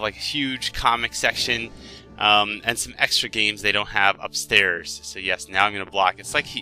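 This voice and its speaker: A young man, a gaming video host, casually telling a rambling, self-deprecating story over his gameplay commentary, getting animated when excited. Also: medium pitch. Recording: dry close mic with faint game music.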